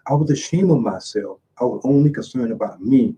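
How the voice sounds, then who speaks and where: A man's voice: mid-range voice, normal speed, hardly any pauses, mellow, breathy edge, low-quality recording. A middle-aged man, an author, reads from his book and reflects on it, asking earnest rhetorical questions in a preacher-like way. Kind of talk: reading and reflecting on his writing.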